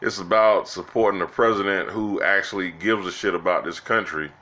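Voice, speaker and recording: A man's voice: sits low, steady tone, fairly quick, bright, forceful tone. A man giving rambling, exasperated political commentary to his viewers, with many restarts, calling them "guys" and "y'all". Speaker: political vlogger.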